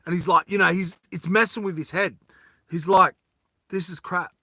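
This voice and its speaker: A man narrating a tabletop game as game master, in an animated, rambling storytelling style. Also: high voice, normal speed, husky, no echo.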